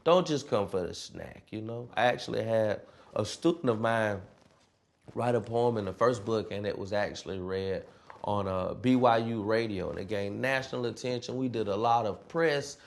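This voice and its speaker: A man who mentors and coaches students, telling stories about his work in an earnest, expressive way, laughing often and mimicking his students' voices. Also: fairly low pitch, normal speed, gravelly. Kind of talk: personal storytelling interview.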